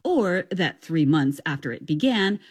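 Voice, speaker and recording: A woman reporter delivering a scripted radio news story in a measured broadcast manner. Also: low-pitched, very animated, a little mellow, slightly rough.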